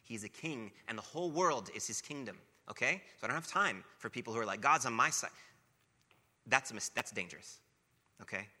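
A man's voice: medium pitch, expressive, fairly quick, pushed and bright. A man preaching a sermon, talking casually between passages of scripture that he reads aloud with emphasis. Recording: long reverb of a large hall.

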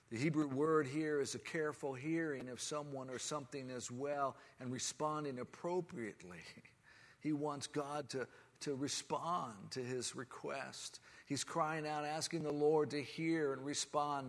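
Impassioned preacher in a reverberant hall. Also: male voice, on the high side. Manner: impassioned, swinging from quiet to loud. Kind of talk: sermon.

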